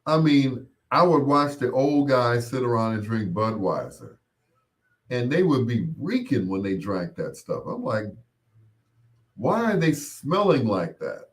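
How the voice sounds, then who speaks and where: A man hosting his own show, telling rambling casual stories with laughs and quick mimicked voices of others. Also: mid-range voice, big pitch swings. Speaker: podcast host. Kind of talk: casual storytelling monologue.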